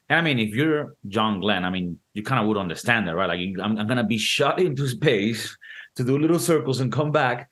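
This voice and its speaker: A young man on a podcast, casually reviewing a movie and explaining it in an animated, profane way, acting out quotes. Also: medium pitch, brisk. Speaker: podcast co-host.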